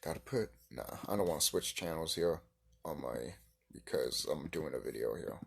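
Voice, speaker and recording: Man, husky, ranting reaction commentary, swearing, loud then hushed. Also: extremely low pitch, normal speed. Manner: heated, profane, swings between shouting and hushed musing. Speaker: video creator reacting to a clip.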